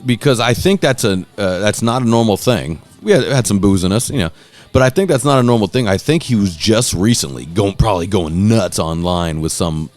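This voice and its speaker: This is a man in a loose podcast conversation who gets wrapped up in his own stories. His voice leaps around in pitch as he acts out the lines of the people in them. He swears freely and calls his listener bro. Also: a little fast, faint music behind. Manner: animated storyteller, acts out quotes in a raised voice. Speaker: podcast host. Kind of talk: casual chat.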